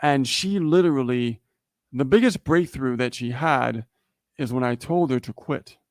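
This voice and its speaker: A male livestream co-host tells a story in a casual, motivational way, his mid-range voice unhurried, often checking in with "okay?" and "right?". The studio-quality recording has no room sound.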